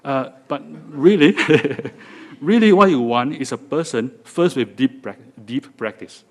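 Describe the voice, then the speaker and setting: This guest speaker is a man with a Singaporean accent and a medium-pitched, expressive voice at normal speed. He gives a joking, chatty talk to a live audience in a lecture hall, restarting his sentences often.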